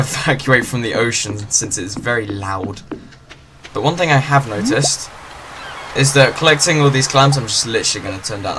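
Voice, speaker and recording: Chatty man commentating a farming game. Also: mid-range voice. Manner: chatty, rambling, with many fillers. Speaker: gaming channel host. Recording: game ocean noise behind.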